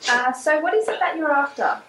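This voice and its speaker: A woman's voice: high voice, animated, brisk. An actress playing a chemist who politely questions a customer about the drugs he asks for. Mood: questioning. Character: wary female chemist at the counter. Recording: echoey room, far from mic, faint noise.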